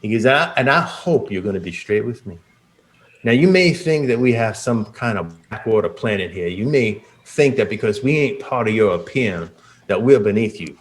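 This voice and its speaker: A man's voice: fairly low pitch, expressive, normal speed, lightly acted. A man voicing a folksy, self-important male minister who drawls and calls the players "you boys.". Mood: earnest.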